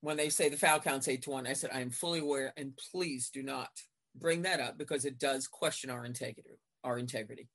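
Animated woman referee telling court stories. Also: a bass voice, fairly quick. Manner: animated storyteller acting out court exchanges. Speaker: basketball referee, podcast guest. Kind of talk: casual interview chat.

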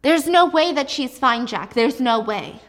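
A woman's voice: sits high, animated, a little slow. A woman voicing a frightened young wife who pleads to be believed, distraught and insistent. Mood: distraught pleading.

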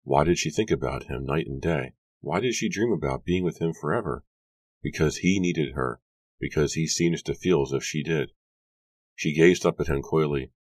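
A man narrating a horror audiobook in a hushed, suspenseful storytelling manner. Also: very deep voice, moderate pace, dry recording.

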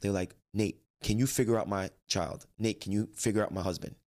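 A man telling a personal story in lively, dialogue-filled storytelling, acting out what he and others said. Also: fairly low pitch, a little fast. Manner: animated, quotes himself and others in dialogue. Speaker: life coach and trainer.

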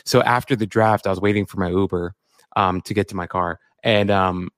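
A man co-hosting a sports podcast, talking in an excitable, rambling way with lots of "like" and "bro". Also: deep voice, fairly quick, dry recording, studio quality. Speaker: podcast co-host. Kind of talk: casual sports podcast chat.

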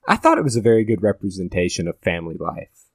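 A teenage boy co-hosts a casual podcast, musing about a film in a low, unhurried voice. He rambles thoughtfully, starting sentences over as he works out what he means. The sound is close and dry. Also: sing-song, slightly rough, no room sound. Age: teens. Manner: thoughtful, rambling, many restarts. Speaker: podcast host. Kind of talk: casual movie review chat.

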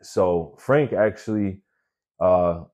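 A man's voice: low-pitched, takes it slowly, a little mellow. A man hosting his own podcast, telling stories from his work week in a laid-back, chatty way and swearing freely. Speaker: podcast host. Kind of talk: casual storytelling monologue. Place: working in New York City.

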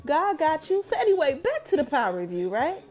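A young adult woman casually recapping a TV episode, telling it in an animated way and talking straight to her viewers. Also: high voice, a little fast, soft background music.

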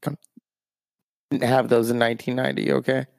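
A man's voice: mid-range voice, little pitch movement, brisk, vocal fry, darkish tone, no room sound. A man hosting a show, ranting in a crude, rambling, self-mocking comic way. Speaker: show host. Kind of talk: comedic rant.

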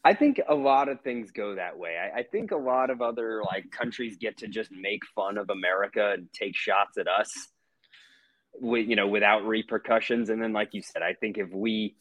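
A man co-hosting a casual podcast, rambling along easily with plenty of fillers. His voice is lowish and recorded dry and close. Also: normal speed, no echo, lo-fi sound. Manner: easygoing, rambling, with filler words. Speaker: podcast co-host.

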